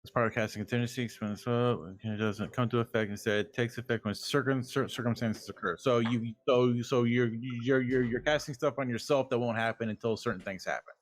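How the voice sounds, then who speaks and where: A man's voice: medium pitch, fairly even intonation, brisk, hardly any pauses, slight background noise. A man running a tabletop game, checking spell rules aloud with hesitant restarts. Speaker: dungeon master.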